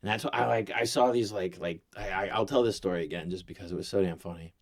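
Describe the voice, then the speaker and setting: Lower-voiced man, ranting vlogger, rambling and profane. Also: fast talker. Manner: rambling, sarcastic, profane, restarts often. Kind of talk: casual ranting vlog.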